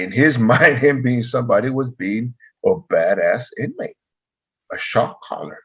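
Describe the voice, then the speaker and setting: A man's voice: medium pitch, moderate pace, husky, lo-fi sound. A man who used to be a probation officer tells a story in casual conversation, acting out the dialogue with energy. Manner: animated, acts out dialogue in the story. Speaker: podcast co-host, former probation officer.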